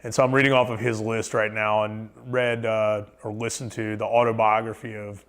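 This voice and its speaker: A man's voice: fairly low pitch, level tone, normal speed, a bit bright. A man, a podcast guest, talking casually and rambling with lots of fillers and restarts. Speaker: podcast guest, thru-hiker. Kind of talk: casual storytelling chat.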